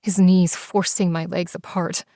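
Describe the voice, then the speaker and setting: Expressive woman narrating a dark romance audiobook. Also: on the low side, measured pace, no room sound, clean studio sound. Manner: expressive, breathless in tense scenes, shifts into soft whispers.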